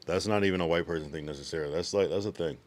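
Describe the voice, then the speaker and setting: A man's voice: low voice, very fast, darkish tone. A man livestreaming, chatting loosely with slang and swearing while reading viewers' messages aloud. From United States. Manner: loose, slangy and profane, reacts to chat messages.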